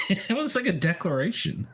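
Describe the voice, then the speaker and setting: A man's voice: high voice, sing-song, normal speed, fairly bright tone. A man co-hosting a podcast in casual banter, joking crudely. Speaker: podcast co-host.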